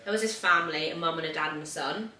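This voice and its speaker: Bright chatty woman, roomy sound. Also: deep voice, quick pace. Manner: chatty, animated storytelling. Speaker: podcast co-host. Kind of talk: casual chat. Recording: echoey room, mic at a distance.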